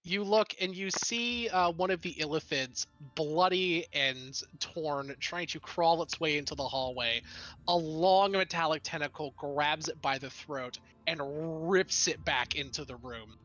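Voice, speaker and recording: A man's voice: on the high side, unhurried, a bit bright, dull audio. A man narrating a tabletop game as game master, loose and laughing, with lots of fillers.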